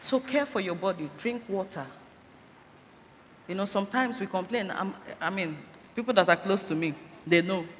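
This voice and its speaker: A woman's voice: mid-range voice, moderate pace. A woman giving a health talk inside a sermon, urging her listeners and asking rhetorical questions. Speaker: church speaker. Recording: echoey hall, faint background noise.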